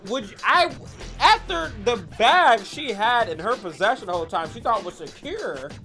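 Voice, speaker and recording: A woman casually recapping a wrestling feud, excitable and full of slang and swearing. Her voice sits fairly high and swings widely in pitch as she reacts. Faint music plays underneath. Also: moderate pace. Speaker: wrestling commentary vlogger.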